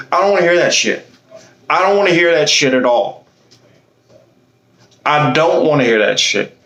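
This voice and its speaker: A man's voice: high-pitched, fairly bright tone, roomy sound, poor audio. A man delivering a blunt, fiery political monologue, impassioned and swearing freely. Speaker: political commentator.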